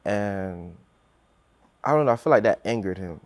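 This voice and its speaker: Guy with a low voice telling his own story on a podcast, earnest, acts out the quotes, dry close sound. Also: expressive, moderate pace, no echo.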